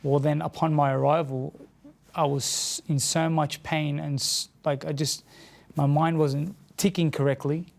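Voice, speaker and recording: An Australian man speaks as an interview guest, earnest and halting, often repeating words and restarting. His voice sits a little high and gravelly with a fairly flat, level delivery. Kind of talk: emotional personal account in an interview.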